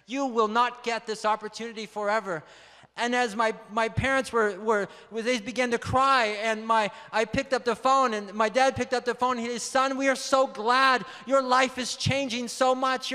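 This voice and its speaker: A man's voice: very high-pitched, pushed and bright. A man in his thirties giving an earnest, emphatic testimony sermon and calling out to his audience. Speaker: preacher. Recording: long hall reverb.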